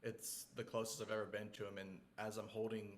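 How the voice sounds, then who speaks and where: A man co-hosting a podcast, chatting in a relaxed, reflective way. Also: lowish voice, fairly quick, a little hiss or hum. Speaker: podcast co-host and photographer. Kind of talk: casual chat.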